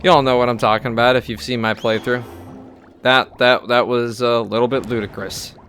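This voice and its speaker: A man's voice: medium pitch, steady tone, a bit bright, soft background music. Rambling young man narrating gameplay. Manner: rambling, halting, full of fillers and restarts. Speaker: gameplay commentator. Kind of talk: casual let's-play commentary.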